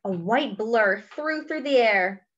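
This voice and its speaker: A woman reading a children's picture book aloud, pointing out the pictures as she goes. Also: on the high side. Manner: slow, animated, pointing out pictures. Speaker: storyteller. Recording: dull lo-fi recording.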